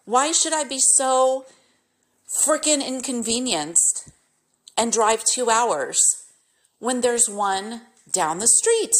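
A middle-aged podcast host from California, United States, rants slowly and expressively in a voice on the high side. She's exasperated and emphatic, venting her frustration through repetitive complaints.

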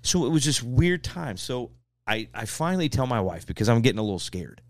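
A man's voice: mid-range voice, brisk, no room sound. A middle-aged man, telling a personal story as a podcast guest and acting out what others said. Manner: animated, acts out what others said. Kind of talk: casual storytelling.

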